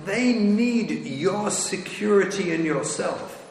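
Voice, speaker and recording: A man's voice: high voice, expressive, slow pace, fairly bright tone. A man, a rabbi, lecturing parents in an emphatic, wry, teasing way. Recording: echoey hall with faint noise.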